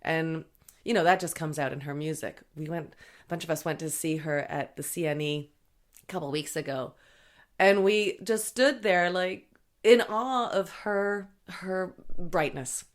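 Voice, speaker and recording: A woman's voice: low-pitched, a little slow. A woman hosts a podcast and talks in a bubbly, chatty way, joking and laughing at herself. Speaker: podcast host. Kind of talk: solo podcast intro monologue.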